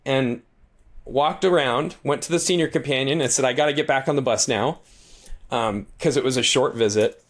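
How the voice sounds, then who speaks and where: A man being interviewed as a guest author, telling a long story in a casual, animated way with many asides and restarts. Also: normal speed. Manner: animated, acts out quoted lines with shifting pitch; talkative, frequent restarts and asides.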